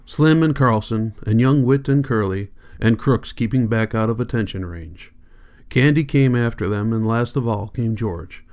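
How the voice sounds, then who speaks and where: A man's voice: medium pitch, normal speed, a little mellow. Man reading a novel aloud. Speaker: audiobook reader. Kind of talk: audiobook narration.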